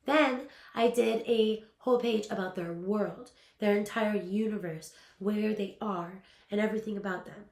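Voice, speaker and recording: A woman's voice: medium pitch, normal speed, hardly any pauses, a little mellow. Chatty woman teaching voiceover, roomy sound. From Southern California. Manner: chatty, rambling, with fillers and restarts. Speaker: voiceover artist teaching a series. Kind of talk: casual instructional talk.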